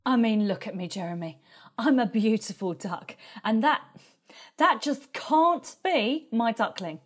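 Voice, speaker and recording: Woman voicing a vain mother duck, husky, bouncy pitch, boastful. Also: animated, unhurried. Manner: boastful, chatty, lower voice.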